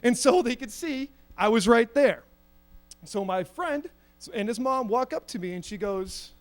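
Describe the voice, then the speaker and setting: A man's voice: high voice, animated, a little slow. A young man telling self-mocking stories in a stand-up comedy set, acting out the people he quotes. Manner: storytelling, self-mocking, acts out quoted voices. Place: comedy stage at an arts center.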